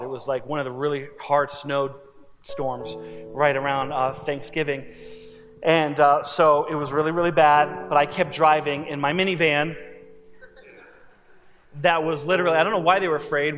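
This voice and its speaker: Higher-voiced pastor preaching over soft music. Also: male voice, big-room sound. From New Jersey. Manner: conversational preaching with fillers like "like" and "you know". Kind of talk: sermon. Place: church.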